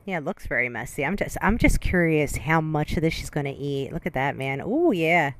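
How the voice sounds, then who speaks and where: Woman reaction host, low voice, teasing and wry. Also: expressive, fairly quick, a little hiss or hum. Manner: wry running commentary, teasing. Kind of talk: commentary over a video.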